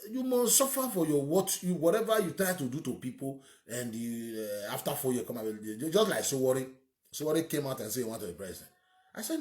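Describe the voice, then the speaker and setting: A man's voice: mid-range voice, expressive, brisk, echoey room. A man with a Nigerian accent giving an opinionated monologue as a political commentator, emphatic and ranting, firing off rhetorical questions.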